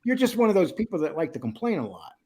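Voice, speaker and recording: Male stream host, husky high voice, teasing and jokey, lively. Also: quick pace. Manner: joking, teasing, reads chat aloud. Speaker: livestream host. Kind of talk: casual livestream chat.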